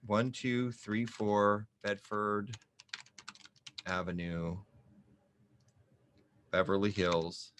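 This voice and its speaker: A man with a lowish voice walks viewers through an online form in a screen-share tutorial. He talks in a loose, chatty way, cracks small jokes and thinks aloud as he fills in each field. Keyboard typing and mouse clicks sit behind his voice. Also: level tone, extremely slow, long pauses, a bit bright, slight background noise. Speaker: small business advisor demonstrating an application.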